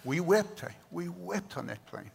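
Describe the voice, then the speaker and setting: Gravelly older preacher. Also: male voice, high-pitched, big pitch swings, normal speed. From South Africa. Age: 60s. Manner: earnest, repeats words for emphasis. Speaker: pastor. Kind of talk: sermon. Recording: reverberant hall, faint noise.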